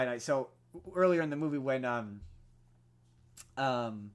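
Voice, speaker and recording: A young man co-hosting a podcast, telling a film story in casual chat, full of fillers and restarts and growing animated as he goes. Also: medium pitch, unhurried, clear, resonant tone. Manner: rambling with many fillers and restarts, animated when excited. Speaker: podcast co-host.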